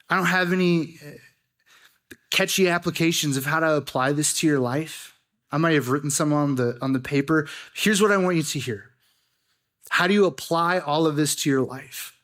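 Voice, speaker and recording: Young man, student pastor, high voice, earnest sermon, urgent build. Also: normal speed, a bit bright.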